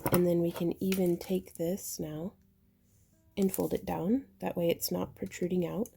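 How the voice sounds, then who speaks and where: A woman with a slightly hoarse voice, chatting casually as she explains a step-by-step craft tutorial while she works. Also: on the low side, flat delivery, unhurried, background noise. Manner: chatty, explains while working, with fillers and throat clearing. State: slightly losing her voice. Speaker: jewelry-making instructor.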